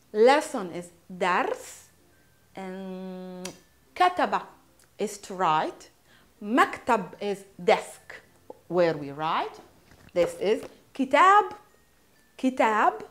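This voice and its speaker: A woman with a Palestinian Arabic accent, a native Arabic speaker, teaching Arabic vocabulary in a casual lesson, repeating words slowly and checking in with "hmm?" and "yeah?". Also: medium pitch. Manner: shows objects while naming them.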